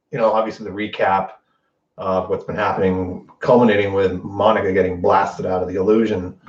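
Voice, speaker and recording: Low-voiced man in a roomy, distant recording. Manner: animated and profane, acts out quotes. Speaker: host. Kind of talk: casual spoiler recap. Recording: distant roomy dull lo-fi mic.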